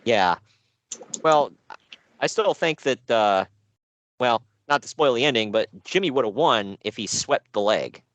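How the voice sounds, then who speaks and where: A man recapping wrestling events on a podcast, sarcastic and quick to laugh. His pitch swings widely as he talks. The sound is dry and close, with no room around it. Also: no echo, lo-fi sound. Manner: sarcastic, animated, laughs often. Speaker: podcast co-host reviewing wrestling shows. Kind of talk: casual podcast chat.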